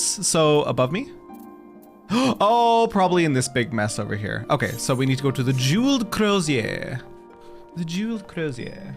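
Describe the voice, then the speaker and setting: A man chatting to his viewers while he plays a game, excitable and gushing. His voice sits a little high and swings up and down a lot. Faint music plays underneath. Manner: excitable, gushing, talks to chat. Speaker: streamer. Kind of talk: casual game stream chat.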